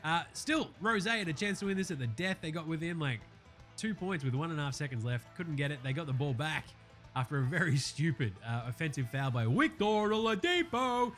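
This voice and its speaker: A man's voice: on the high side, brisk, soft background music. A young Australian man hosting a basketball recap show, chatting casually with lots of swearing and jokes. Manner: profane, joking, excitable banter. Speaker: basketball podcast host.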